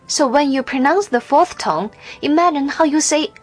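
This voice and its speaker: A woman's voice: high voice, lively intonation, normal speed, hardly any pauses, soft background music. A woman teaching pronunciation in a scripted language lesson, modeling sounds with careful, exaggerated drills.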